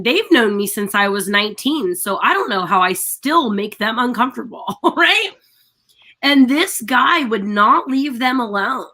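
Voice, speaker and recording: A woman co-hosting a live talk show, telling animated stories in casual chat and laughing often. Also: a little high. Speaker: radio show co-host.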